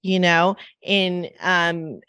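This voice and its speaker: A woman's voice: fairly low pitch, fairly even intonation, very slow, a bit bright, clear, resonant tone, dry recording, clean studio sound. A woman hosting a podcast, telling a long anecdote in a rambling, casual way with frequent fillers and acted-out voices. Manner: rambling, many "like" and "right?" fillers; acts out quoted voices. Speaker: podcast host. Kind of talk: casual chat, anecdotal storytelling.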